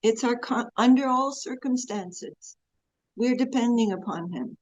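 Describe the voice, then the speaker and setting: A woman with a slightly high voice speaks unhurriedly, teaching a devotional class over a video call whose sound is dull and lo-fi. She is earnest throughout, weaving stories together with frequent quoted prayers.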